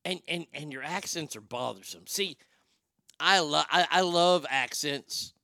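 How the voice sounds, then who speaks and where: A man's voice: fairly high pitch, measured pace, gravelly, bright, forceful tone, dry recording, clean studio sound. A man hosting a comedic news commentary show, rambling sarcastically and swearing freely. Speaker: show host.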